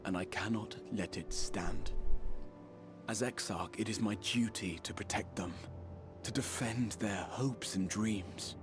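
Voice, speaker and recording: A man's voice: lowish voice, unhurried, close to an everyday voice. A man reading a solemn, noble young mage leader. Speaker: streamer reading game dialogue aloud. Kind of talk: fan voice reading of game cutscene lines. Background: game music.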